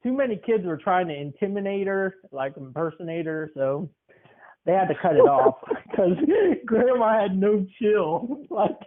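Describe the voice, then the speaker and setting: A man's voice: high voice, lively intonation, unhurried. A man co-hosting a podcast who tells a comic story in a rambling way and laughs often. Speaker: podcast co-host. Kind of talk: comedic storytelling. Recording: tinny phone-like sound.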